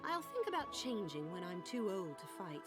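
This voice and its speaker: A woman's voice: medium pitch, big pitch swings, normal speed, close to an everyday voice. A woman playing a blunt game warrior. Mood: stern. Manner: blunt, matter-of-fact. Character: stern adult female warrior in a dark fantasy game. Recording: game audio under loud music.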